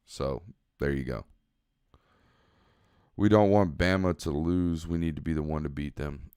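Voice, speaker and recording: A young man, giving relaxed, analytical commentary on a football game as he watches and answers chat on a live stream. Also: rumbling low, clear, resonant tone, no room sound, studio quality.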